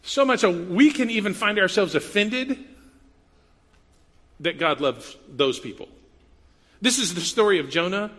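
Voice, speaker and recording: A man preaches in an easy, conversational way, slipping into playful asides and quoted voices. His voice sits high and bright, and it carries the long reverb of a large hall. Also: animated, a little slow, pauses often. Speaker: pastor. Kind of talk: sermon.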